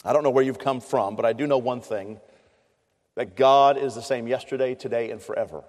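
A man's voice: mid-range voice, fairly even intonation, a little fast, darkish tone. Earnest male preacher in a reverberant hall. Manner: earnest, conversational, frequent restarts. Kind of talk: sermon with personal storytelling.

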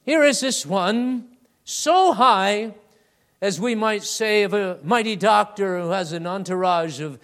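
High-voiced, slow-spoken male preacher. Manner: swings between loud emphatic peaks and hushed low asides, addressing listeners as beloved. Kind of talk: sermon.

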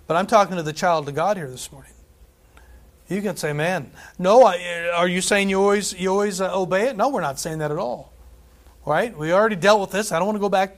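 A man preaching a sermon as pastor, reading scripture with emphasis and breaking off into quick asides and stories. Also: sits high. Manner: animated preaching, scripture read aloud with emphasis, asides and laughs.

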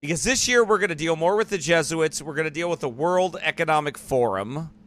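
Man, church live-stream host, rambling chat, tense bright voice. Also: a little high, animated, fairly quick. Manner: rambling, digressive. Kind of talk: casual live-stream commentary.

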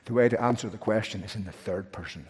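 A man's voice: on the low side, fast talker, husky. A male pastor preaching a sermon with emphatic, rhythmic repetition. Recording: long hall reverb.

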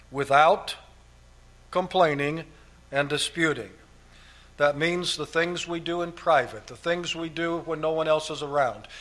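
Male pastor, emphatic sermon delivery in a somewhat high voice, hammers points by repetition. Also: fairly bright tone. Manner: emphatic, repeats key phrases, structured numbered points.

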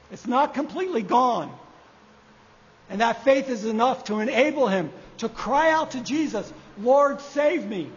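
A man preaching a sermon, measured and repeating key phrases for emphasis. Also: extremely high pitch. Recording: echoey hall, dull lo-fi sound.

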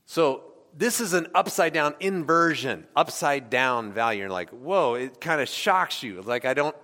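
A man's voice: fairly high pitch, animated, moderate pace, bright, forceful tone. A man from the United States preaching a sermon in a conversational way, often asking the congregation questions. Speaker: pastor. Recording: long hall reverb.

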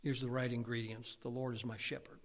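A middle-aged pastor preaching a sermon, folksy and conversational, swelling into emphatic outbursts. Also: male voice, medium pitch, little pitch movement, a little fast, long reverb tail.

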